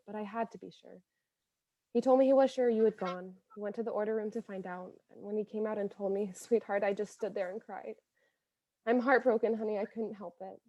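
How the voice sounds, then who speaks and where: A woman's voice: medium pitch, warm tone, no echo, highs cut off, natural voice. A woman reading the letters of a young woman from 1918, earnest and imploring, with a lovesick, pleading tone. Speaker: reader of historical letters.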